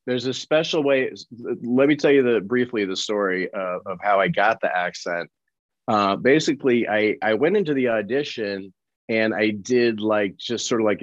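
Animated man telling a story, dull dry sound. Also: lowish voice, no room sound. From Colorado, USA. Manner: lively storyteller, acts out others' lines. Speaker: actor, guest. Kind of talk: casual anecdote telling.

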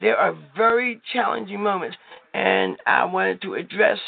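A man's voice: high voice, huge pitch swings, moderate pace, gravelly, no echo. A man leading a prayer call, preaching informally in a rambling way, full of filler phrases. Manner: rambling, heavy with "you know what" fillers. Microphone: telephone. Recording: tinny phone line.

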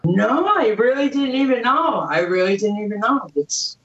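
A woman's voice: on the high side, expressive, normal speed, fairly bright tone, dull audio. A woman from Boston with a Boston accent, a guest talking brashly and bawdily over a video call. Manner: brash, bawdy, chatty. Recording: roomy distant video call audio.

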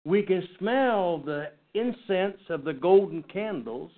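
A man teaching a Bible study class in an earnest, halting way, often restarting his sentences. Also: sits high, lively intonation. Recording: tinny phone-like recording.

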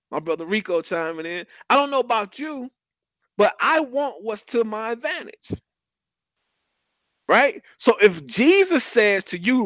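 High-voiced man preaching a lively sermon. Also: dry recording, dull audio. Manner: lively preaching, calls out names in the room. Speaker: pastor.

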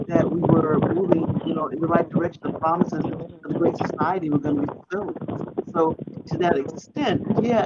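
A man co-hosting a casual panel chat, reflective and halting, with many "you know"s. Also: a little high, very noisy. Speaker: podcast co-host. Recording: dull lo-fi sound.

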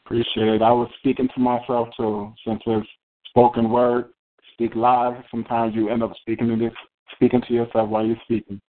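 A man calling in as a poet, grateful and even-toned. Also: medium pitch, brisk. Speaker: caller and poet. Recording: phone-line audio.

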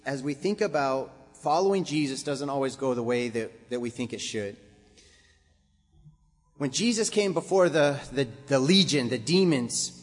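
A man preaching a sermon to a congregation, building up to emphatic, repeated exhortations. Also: medium pitch. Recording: long hall reverb.

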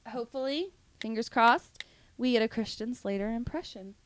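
A woman's voice: on the high side, normal speed. A woman co-hosting a podcast, chatting casually, giggling often and trailing off mid-sentence. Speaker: podcast co-host. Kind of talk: casual chat.

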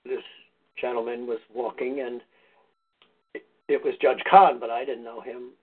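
A man's voice: mid-range voice, level tone, a little slow, husky. A man, a podcast guest, casually telling a meandering personal story in a conversational way. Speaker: podcast guest, foundation founder. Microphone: phone or call line. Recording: tinny phone-line audio.

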